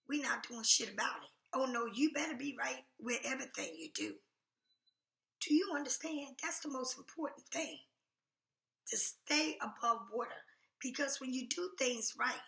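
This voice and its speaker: A woman with a fairly high, gravelly voice gives a casual tarot reading. She is blunt and emphatic and keeps asking if you understand. Her voice rings in an echoey room. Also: sharp tone. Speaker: tarot reader.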